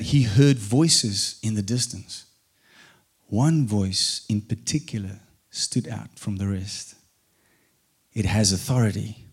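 A man telling a storybook tale in a calm, unhurried way. His voice sits at an ordinary male pitch and he now and then restarts a phrase. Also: breathy edge. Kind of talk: storybook narration.

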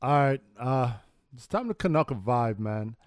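Man, podcast co-host, casual chat, argumentative, mid-pitched voice. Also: animated, moderate pace. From Canada. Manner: provocative, argumentative, repeats his points.

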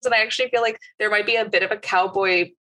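A woman's voice: medium pitch, steady tone, rapid-fire, sharp tone, low-quality recording. A woman chatting casually at a tabletop game session, rambling and filling her speech with "like". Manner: rambling, lots of "like". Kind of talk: casual chat.

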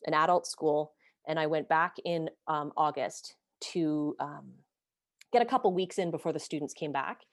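A woman's voice: low-pitched, no echo, clean studio sound. A woman host telling her own story candidly, blunt and self-deprecating, swearing freely. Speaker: podcast host being interviewed.

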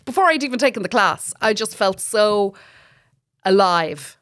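A woman in her thirties with an Irish accent, a stand-up comic chatting as a guest, telling lively stories with frequent laughs and swearing. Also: medium pitch, normal speed, no room sound, clean studio sound. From Ireland. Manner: lively storyteller, laughs often, swears freely. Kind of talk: casual chat.

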